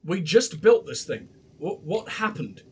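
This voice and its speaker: A man hosting a let's play and commenting on the game in a sarcastic, sweary, excitable way. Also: high voice, measured pace. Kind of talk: gameplay commentary.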